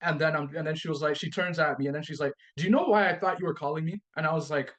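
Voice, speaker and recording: Animated man telling a personal story. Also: fairly high pitch, rapid-fire. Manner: animated storytelling, acts out both sides of a dialogue; repeats himself and restarts often. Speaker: podcast guest.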